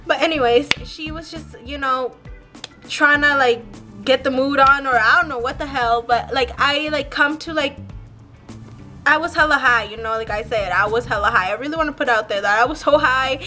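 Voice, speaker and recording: High, bright young woman rambling a story. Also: normal speed, soft background music. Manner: rambling, profane, heavy use of "like". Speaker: vlogger. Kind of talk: casual storytime vlog.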